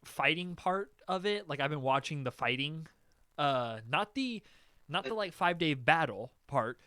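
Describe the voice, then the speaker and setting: A man hosting a podcast, talking in an excitable, profane, animated way in casual chat. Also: on the high side, clear, resonant tone, dry recording, clean studio sound. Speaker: podcast host.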